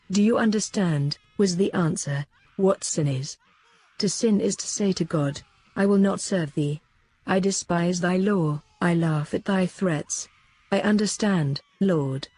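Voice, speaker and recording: Woman, audiobook narration, measured, husky, dry close sound. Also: lowish voice, warm tone, dry recording. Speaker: audiobook reader. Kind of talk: scripted narration of a devotional book.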